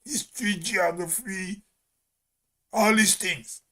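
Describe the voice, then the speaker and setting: A man's voice: sits high, takes it slowly, pushed and bright. A man with a Grenadian accent, hosting a casual monologue and speaking emphatically, repeating words for stress. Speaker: host.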